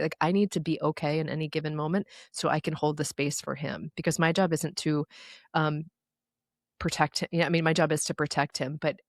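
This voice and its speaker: Clean studio sound without echo captures a low-pitched woman in her thirties. As a guest in a candid interview, she reflects earnestly on her own personal stories.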